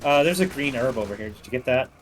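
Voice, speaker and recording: Man, wry co-op gamer, jokes, lively pitch, slightly high, faint noise. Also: quick pace, low-quality recording. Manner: wry, joking, reacts aloud to the game. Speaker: co-op gaming partner. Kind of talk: casual gaming chat.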